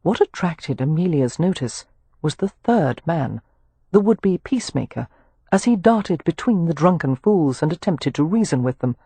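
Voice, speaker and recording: An audiobook narrator reading a historical romance with expressive, animated storytelling. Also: medium pitch, normal speed, husky, dry recording.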